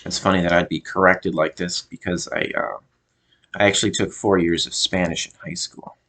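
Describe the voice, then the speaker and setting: A low-voiced American man talks through a show review in a relaxed, unscripted way. He often stalls, repeats himself and hunts for the right word before going on. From United States. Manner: halting, often stops to search for words. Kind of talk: casual review monologue.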